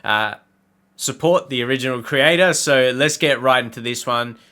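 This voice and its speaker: Bright-voiced man hosting a reaction video. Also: mid-range voice, moderate pace. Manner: loose, rambling, with fillers. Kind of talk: casual reaction commentary.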